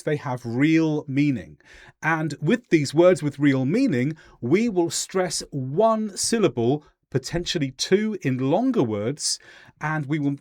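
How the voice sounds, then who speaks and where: A man teaching English pronunciation in a clear, deliberate lesson voice, demonstrating example sentences slowly. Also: fairly high pitch, a little mellow, dry recording, clean studio sound. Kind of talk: scripted lesson narration.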